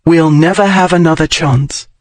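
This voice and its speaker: A man voicing a determined young gentlewoman in his plain reading voice. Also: a little high, normal speed, no room sound, lightly acted.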